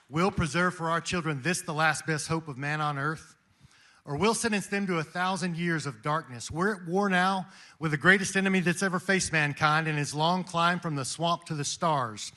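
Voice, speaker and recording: High-voiced, forceful man preaching. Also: normal speed. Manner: rousing, quotes famous speeches. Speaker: speaker at a men's gathering. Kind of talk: impassioned Christian motivational speech. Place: meeting room with an audience.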